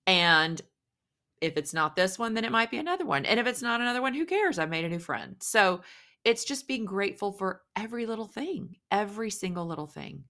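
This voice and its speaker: A woman's voice: medium pitch, lively intonation, a little fast. A woman hosting a casual solo podcast, talking straight to her listeners in an effusive, upbeat, gushing way. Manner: warm, chatty direct address to listeners. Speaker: podcast host.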